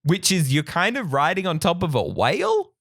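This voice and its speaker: A man with a soft Australian accent co-hosting a theme park podcast in casual, animated chat. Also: high-pitched, no room sound, clean studio sound. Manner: animated, laughs often, quick tangents. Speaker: podcast co-host.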